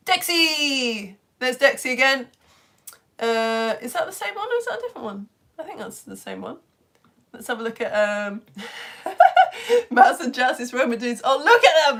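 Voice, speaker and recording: Chatting with her live-stream audience during an online lesson, a woman calls out viewers by name and pokes fun at herself. She has a medium-pitched, fairly bright voice and streams from home.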